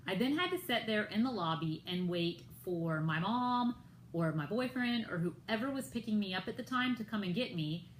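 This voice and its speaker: A woman's voice: medium pitch, animated, normal speed, reverberant, slight background noise, poor audio. An American woman telling a personal story in a vlog, retelling it with indignation and acting out others' lines in raised voices. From United States. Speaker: vlogger.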